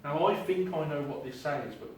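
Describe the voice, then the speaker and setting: Guy rambling through a talk to a crowd, bit high voice, loud echo, sounds far from the mic, noisy. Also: moderate pace. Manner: chatty, informal, self-deprecating with filler ums. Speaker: paranormal investigator giving a talk. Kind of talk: live presentation to an audience. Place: hall with an audience. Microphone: clip-on mic heard from a distance. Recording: very echoey hall, distant mic, noisy.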